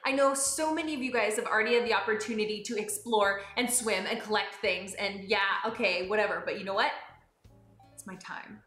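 A young woman streaming a game, bubbly and excitable, swinging between high squeals and low mutters. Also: fast talker, few pauses, echoey room, faint music behind. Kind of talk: live-streamed game play.

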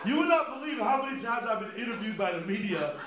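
High-voiced man doing sarcastic stand-up. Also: animated, fast, background noise. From United States. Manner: sarcastic, mock-serious delivery with punchy asides. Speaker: stand-up comedian. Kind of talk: live stand-up comedy set. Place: comedy club stage. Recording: echoey club room with loud audience.

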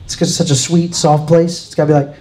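High-voiced man doing dry stand-up. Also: level tone, quick pace, mellow, rough recording. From Louisiana. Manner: dry, self-deprecating, chats with the crowd. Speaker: stand-up comic. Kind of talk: live stand-up set. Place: comedy club stage.

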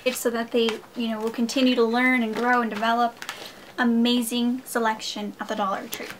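A young woman briskly chats through a haul vlog, enthusiastic and gushing, repeatedly saying "you guys" to her audience. Her fairly high voice holds a level tone, and the low-quality recording has slight background noise.

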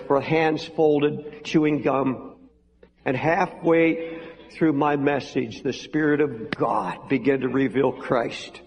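A man's voice: a little high, highs cut off. Earnest older man preaching in hall. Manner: earnest, pleading. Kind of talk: sermon. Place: large hall with balcony. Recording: echoey hall, faint noise.

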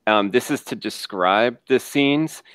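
A man hosting a casual chat about his comic, explaining plans with many pauses and ums. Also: mid-range voice, fairly bright tone, clean tone, no echo. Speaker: comic creator, host. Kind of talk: casual video call chat.

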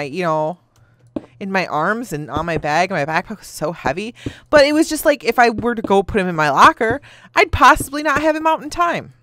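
A woman's voice: mid-range voice, fairly bright tone. A woman in her thirties, a gaming video host, chatting casually and telling rambling stories while she plays, laughing often. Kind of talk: casual chat while playing a game.

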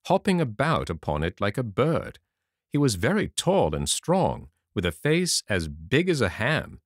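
A man narrating a classic adventure novel aloud in an expressive, lively storytelling manner. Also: medium pitch, no room sound, clean studio sound. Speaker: audiobook narrator. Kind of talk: storybook reading.

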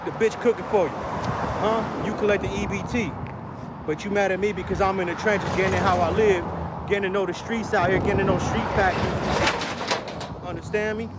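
Man, high voice, casual street vlog rant, profane slang, noisy outdoor recording. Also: fairly even intonation, moderate pace. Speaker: vlogger. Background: traffic and street noise.

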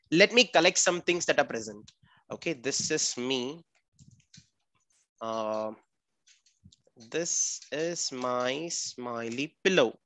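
A man's voice: fairly high pitch, fairly bright tone, no echo. Upbeat Indian man teaching kids online. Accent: Indian English. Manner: upbeat, chatty, addresses students by name. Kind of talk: live online class for children.

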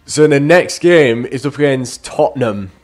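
A man giving chatty let's-play game commentary, addressing viewers as lads and breaking into frustrated shouts at the game. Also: mid-range voice, normal speed, soft background music. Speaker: gaming YouTuber.

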